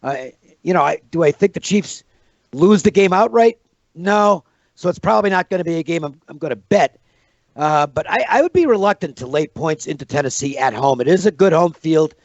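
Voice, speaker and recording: A man giving measured, hesitant sports betting analysis, often restarting his sentences. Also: fairly high pitch, expressive, no echo. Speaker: sports handicapper. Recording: dry, muffled lo-fi audio.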